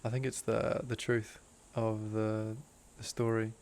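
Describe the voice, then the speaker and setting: Low gravelly man, laid-back. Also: monotone, measured pace. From Australia. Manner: laid-back slang, calls the host bro; earnest and emotional, drifts into soft hushed tones. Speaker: guest, breathwork teacher. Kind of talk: casual personal storytelling.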